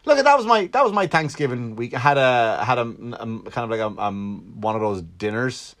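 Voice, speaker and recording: A man's voice: medium pitch, expressive, normal speed, fairly bright tone. An Irish man hosting his own podcast, rambling casually with profanity and self-mocking jokes. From Ireland. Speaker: podcast host. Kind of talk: casual solo podcast monologue, comedic. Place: Long Island home.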